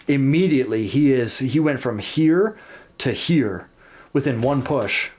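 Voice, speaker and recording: A man's voice: mid-range voice, animated, measured pace, a little mellow, a little hiss or hum. A man hosting a casual reaction video, talking candidly and self-deprecatingly about his own match footage.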